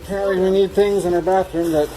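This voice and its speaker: A man hosting a vlog, giving casual commentary while unboxing a storage unit. He jokes, swears freely and thinks out loud. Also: high-pitched, fairly even intonation, fast, poor audio. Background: background music.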